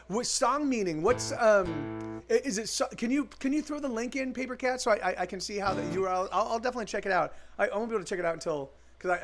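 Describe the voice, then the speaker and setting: High-voiced man chatting to his stream. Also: a bit bright. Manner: rambling, with many restarts and casual swearing. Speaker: musician streaming live. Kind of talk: casual live-stream chat with viewers.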